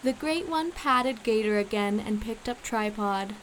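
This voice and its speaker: Slow-reading woman storyteller. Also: fairly high pitch, fairly bright tone, slight background noise. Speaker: audiobook narrator. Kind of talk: scripted children's story narration.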